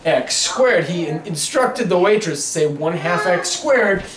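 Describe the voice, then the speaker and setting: A man's voice: sits high, animated, measured pace, recorded from a distance. A man lecturing on calculus in a chatty, jokey way, correcting himself as he works through examples at the board. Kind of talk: classroom lecture. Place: classroom. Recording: echoey classroom with background noise.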